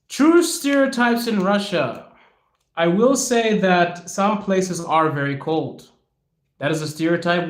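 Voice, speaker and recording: A man hosting his own podcast, answering viewer questions in a casual, animated way and acting out the people he quotes. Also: a little high, echoey room. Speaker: podcast host. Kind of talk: casual Q&A monologue. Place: lives in Russia.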